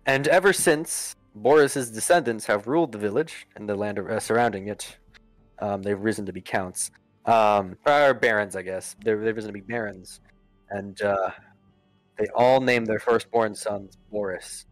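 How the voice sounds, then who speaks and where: A man's voice: on the low side, normal speed, no echo, soft background music. A man running a tabletop game as game master, narrating casually with lots of fillers and restarts. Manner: rambling, many fillers and restarts.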